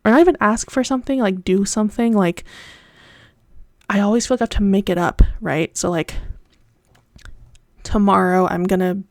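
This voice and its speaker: A woman's voice: medium pitch, normal speed, long pauses, darkish tone, dry recording, clean studio sound. Candid rambling young woman podcaster. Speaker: podcast host. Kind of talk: casual personal monologue.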